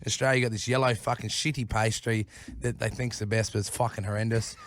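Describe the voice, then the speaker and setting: A man's voice: fairly low pitch, steady tone, quick pace, a little hiss or hum. A man, a podcast guest telling stories in casual chat, rambling, swearing constantly and laughing often. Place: podcast studio.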